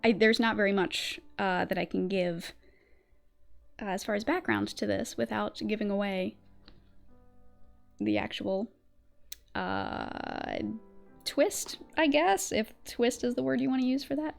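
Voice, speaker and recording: A woman's voice: mid-range voice, lively intonation, unhurried, creaky, long pauses, soft background music. A woman streamer chatting casually and hesitantly, with fillers and restarts. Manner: hesitant, many fillers, laughs often. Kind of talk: casual chat.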